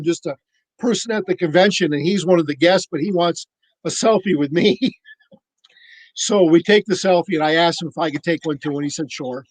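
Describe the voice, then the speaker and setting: A man on a podcast telling a casual, animated story and acting out the voices of the people in it. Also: a little high, no echo, rough recording. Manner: animated anecdote-teller, acts out quoted voices. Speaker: podcast cohost.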